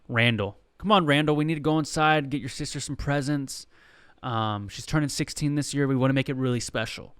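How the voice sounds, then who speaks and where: A man's voice: medium pitch, a little fast, fairly bright tone, smooth, no echo, studio quality, lightly acted. A man playing a nagging, bossy mom. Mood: coaxing. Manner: insistent, scolding. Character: nagging middle-aged mother, bossy.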